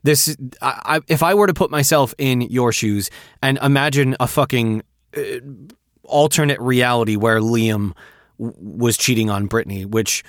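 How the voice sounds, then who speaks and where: A man's voice: mid-range voice, moderate pace, dry recording, studio quality. A man co-hosting a podcast, talking in a casual, blunt, profane way while giving candid advice. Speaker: podcast co-host. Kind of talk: casual chat.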